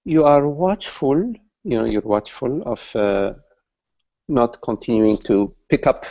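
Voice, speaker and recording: Casting: man, spiritual teacher, gravelly dark voice, slow and halting, lo-fi call audio. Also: mid-range voice. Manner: slow, halting, repeats words while searching for them. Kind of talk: satsang talk.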